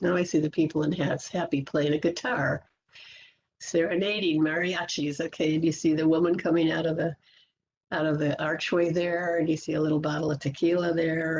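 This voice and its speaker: Gravelly-voiced woman coaching over webinar. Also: low voice, normal speed, a little hiss or hum. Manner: lively, acts out everyday self-talk in quoted voices. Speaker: positivity coach presenting a webinar. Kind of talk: webinar talk. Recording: muffled lo-fi webinar audio.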